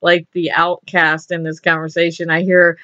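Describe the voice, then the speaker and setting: A woman's voice: fairly low pitch, monotone, normal speed, a bit bright, no room sound. A woman from the American South, hosting a casual radio interview in a chatty, easygoing way. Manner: chatty, laughs easily. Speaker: radio host. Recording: dry, dull lo-fi radio audio.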